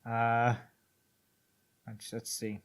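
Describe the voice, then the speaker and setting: A man's voice: medium pitch, monotone, extremely slow. A man co-hosting a casual podcast chat with a dry, sarcastic manner. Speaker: podcast co-host.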